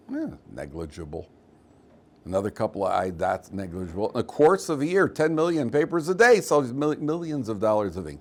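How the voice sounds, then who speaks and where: A man's voice: on the low side, a little mellow. A middle-aged man, a rabbi, telling stories with humor to a class and asking his students questions, mixing in Hebrew words. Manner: storytelling with humor, asks the room questions; mixes in Hebrew and Yiddish words. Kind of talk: lively Torah class to students.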